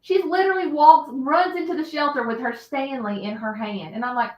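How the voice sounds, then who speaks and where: A middle-aged woman, hosting a casual livestream and retelling a story in an animated, dramatic way. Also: high-pitched, brisk, hardly any pauses. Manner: animated, dramatic retelling with loud acted shouts. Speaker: livestream host. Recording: echoey room.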